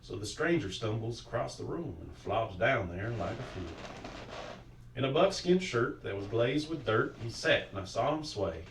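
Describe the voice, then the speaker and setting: A man's voice: mid-range voice, lively intonation, gravelly, noisy background. A man putting on a Southern cowboy drawl to read a frontier ballad aloud as a dramatic poetry reading. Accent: put-on American Southern drawl. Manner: slow drawling storytelling. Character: gruff old frontier cowboy storyteller, male. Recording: roomy, distant mic.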